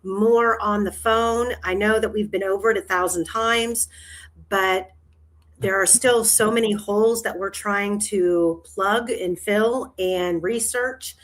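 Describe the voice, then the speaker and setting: A woman's voice: medium pitch, steady tone, slow pace. A woman hosting a casual livestream chat, rambling through her thoughts with frequent restarts and laughter. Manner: rambling, trailing, laughs often. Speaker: livestream host.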